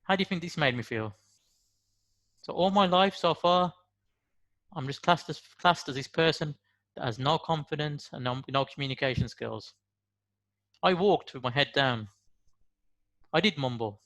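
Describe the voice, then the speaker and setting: Earnest Brummie man, higher voice. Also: normal speed, long pauses, fairly bright tone. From West Midlands, England. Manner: earnest, emphatic, rhetorical questions. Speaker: motivational speaker. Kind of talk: motivational monologue.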